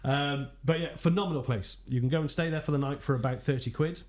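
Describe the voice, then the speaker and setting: A man, a ghost hunter telling animated anecdotes in casual podcast chat, laughing often and acting out quotes. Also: fairly high pitch, quick pace.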